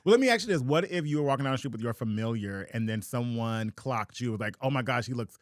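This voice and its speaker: Fast-talking playful male podcast host. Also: medium pitch, dry recording, clean studio sound. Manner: playful, teasing. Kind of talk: casual chat.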